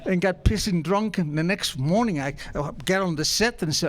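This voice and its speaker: A man's voice: sits high, normal speed. A man speaking at a recovery gathering, telling a comic, self-mocking story with gestures and sound effects. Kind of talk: comic storytelling talk to an audience.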